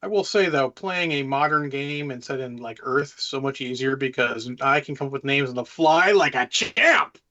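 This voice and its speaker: A man's voice: medium pitch, fairly even intonation, brisk, hardly any pauses, pushed and bright, muffled recording. A man co-hosting a tabletop gaming podcast, talking loosely and animatedly in casual chat. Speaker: podcast co-host, game master.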